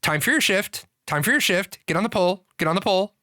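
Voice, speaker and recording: Crude brothel parrot, high and squawky, voiced by a man. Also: lively intonation, quick pace, bright, forceful tone, dry recording, studio quality. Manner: squawky repeated catcalls.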